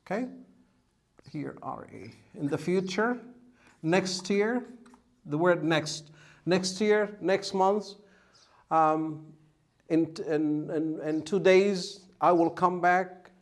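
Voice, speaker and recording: A man's voice: high-pitched, slow, pauses often. A man teaching an English grammar lesson, patiently repeating and spelling out example sentences. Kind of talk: classroom-style grammar lesson.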